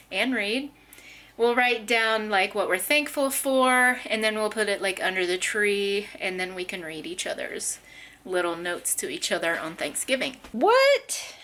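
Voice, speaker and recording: A woman's voice: mid-range voice, a bit bright. A woman chatting casually in a family home vlog, telling stories with laughs. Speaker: vlogger mother.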